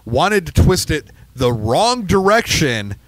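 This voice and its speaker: Male co-host, higher voice, lively storyteller, dry close mic. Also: takes it slowly, no room sound, poor audio. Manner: animated, acts out quotes in a raised voice. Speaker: podcast co-host, band member. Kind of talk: casual storytelling chat.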